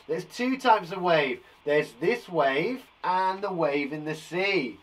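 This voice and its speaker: A man in his thirties with an English accent, teaching young children in a playful, animated way, asking them questions as he goes. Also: fairly high pitch, slow, hardly any pauses, low-quality recording. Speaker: primary school teacher. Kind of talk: children's lesson video. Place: garden shed classroom.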